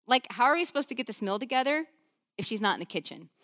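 A woman's voice: mid-range voice, animated, normal speed, a bit bright. A woman preacher voicing an overworked, exasperated hostess muttering indignantly under her breath.

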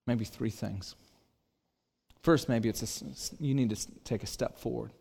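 This middle-aged pastor's sermon features a personal story with acted-out dialogue, veering between soft and loud. He speaks briskly in a gravelly, medium-pitched voice.

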